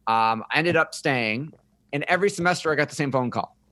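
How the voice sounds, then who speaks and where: Bright-voiced upbeat man telling his story. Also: on the high side, dry recording. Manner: upbeat, joking, brisk storyteller. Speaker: podcast guest, marketing firm founder. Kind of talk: casual interview storytelling.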